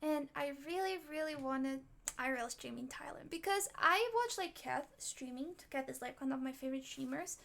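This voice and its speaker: A woman's voice: high voice, lively intonation, normal speed, gravelly, fairly bright tone. A woman streamer chatting casually with her viewers, reacting aloud and talking straight to chat.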